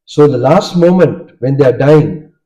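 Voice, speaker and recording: A Sri Lankan Buddhist monk, a native Sinhala speaker, gives a Dharma talk in a warm, expressive, medium-pitched voice at a measured pace. He asks the audience questions and often checks in with "okay?". The sound is dull and lo-fi.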